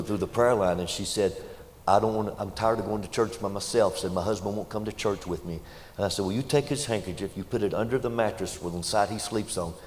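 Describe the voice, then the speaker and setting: A man preaches in a very deep voice, telling folksy stories with lively delivery. His words echo through a large reverberant hall, with faint ambience behind him. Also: a little hiss or hum. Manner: folksy, animated anecdotes. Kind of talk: sermon storytelling.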